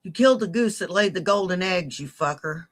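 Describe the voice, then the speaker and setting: A woman's voice: on the low side, expressive, fairly quick. A woman in a played clip, ranting furiously and cursing heavily as she accuses someone. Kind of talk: angry profane rant.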